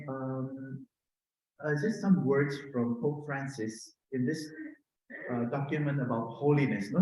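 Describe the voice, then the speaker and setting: A middle-aged man with a Filipino accent gives a conversational sermon in a gentle, personal way, often asking "no?". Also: medium pitch. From Philippines. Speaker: preacher. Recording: very echoey room.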